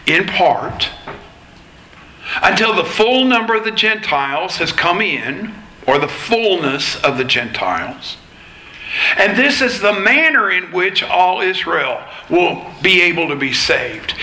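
Speaking to his congregation, a pastor gives an expository sermon slowly and carefully explains every point in a measured, teaching manner. His voice is fairly high and very bright. The echoey, roomy acoustics suggest a church sanctuary, with faint ambience and slight background noise behind him.

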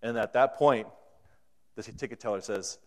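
A man's voice: lowish voice, moderate pace, a little mellow. A man preaching a sermon to his congregation, acting out the voices in a story as he goes. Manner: acts out dialogue in an anecdote, voice rising and falling. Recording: long hall reverb.

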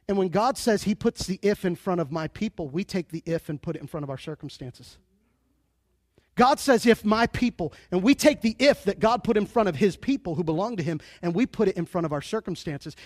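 A man preaching to his congregation, his voice pitched high for a man. He jokes and teases, then falls into quiet, confiding asides before building back up. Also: no echo. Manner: lively, joking preacher with sudden drops to a quiet aside. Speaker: pastor. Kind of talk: sermon.

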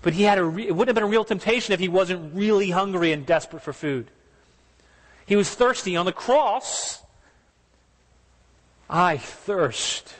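With a high-sitting voice and a slightly fast delivery, a man preaches in an earnest, conversational style, questioning his congregation as he goes. He is a pastor, and the sound has a long reverb tail.

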